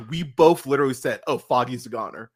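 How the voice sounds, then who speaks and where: A man hosting a podcast talks in a fairly quick, mid-range voice, chatting animatedly and casually in a review-style conversation. He swears freely and fills his speech with fillers and restarts.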